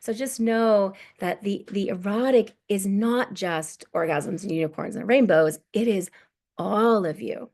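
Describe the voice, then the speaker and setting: A woman in her thirties giving a relaxed workshop talk as a sex coach, often tagging "right?" onto her points. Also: mid-range voice, measured pace. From United States.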